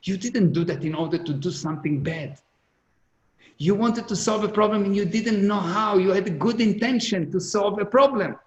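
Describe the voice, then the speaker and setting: Middle-aged male seminar speaker, slightly high voice, earnest, repeats for emphasis; echoey conference hall sound. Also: normal speed, highs cut off. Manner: earnest, repetitive emphasis, non-native English grammar. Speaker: business speaker. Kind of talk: motivational seminar talk. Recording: roomy hall echo.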